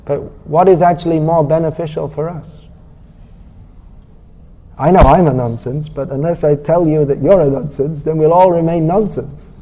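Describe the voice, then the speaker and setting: This sermon comes through a muffled recording at a moderate pace. The preacher, teaching scripture, has a deep, mellow timbre pitched slightly high for a man, and he chides his audience with blunt sarcasm.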